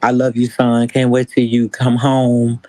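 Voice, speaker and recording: Animated man telling a story on a livestream. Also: mid-range voice, unhurried, no echo, rough recording. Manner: animated storytelling, acts out quotes. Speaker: stream host. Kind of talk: casual commentary on a livestream.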